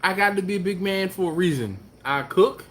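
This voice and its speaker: A man hosting a barbecue channel's live stream, chatting casually and answering viewer comments in a relaxed, rambling way. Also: sits high, fairly quick. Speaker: BBQ channel host.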